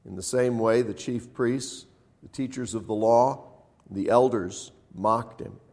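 Guy reading bible passages aloud, steady middle voice, dramatic on the quotes. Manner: measured, dramatic, voices quotes with raised pitch. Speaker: scripture reader. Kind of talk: scripture reading.

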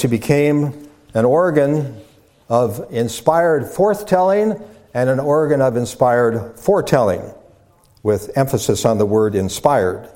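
Man preaching in measured teaching tone. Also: mid-range voice, darkish tone. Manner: measured, with repetitions and fillers. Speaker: pastor. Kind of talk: sermon lecture.

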